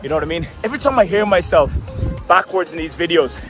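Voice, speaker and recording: A man's voice: fairly high pitch, expressive, quick pace, a bit bright, soft background music. A man in his thirties, originally from Tanzania, with an Irish accent. He chats casually and upbeat to a handheld camera, laughing often. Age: 30s. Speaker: vlogger and marketing coach. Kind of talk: casual vlog chat.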